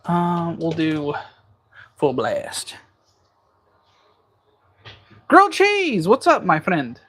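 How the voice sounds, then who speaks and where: A man's voice: fairly high pitch, animated, slow pace, breathy edge. A man hosting a casual livestream from his kitchen, cooking as he talks and joking through viewer comments. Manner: jokey banter, reading viewer comments aloud. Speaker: livestream host.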